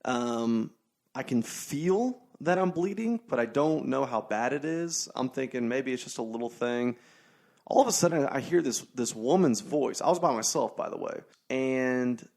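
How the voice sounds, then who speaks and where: Young male podcast host, gravelly, average pitch, loose and profane, lots of ums and likes. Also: a little mellow. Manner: rambling, profane, storytelling with many fillers. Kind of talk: casual solo podcast monologue.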